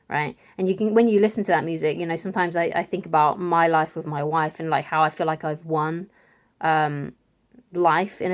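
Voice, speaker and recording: A woman giving casual relationship advice to camera, chatty, often asking "right?" and laughing lightly. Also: low-pitched. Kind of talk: casual advice video talk.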